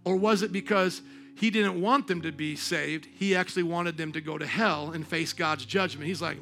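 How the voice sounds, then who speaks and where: A man preaching a sermon to his congregation, passionate, swinging from quiet talk to shouting and asking them questions. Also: fairly high pitch, moderate pace. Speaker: pastor. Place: church service.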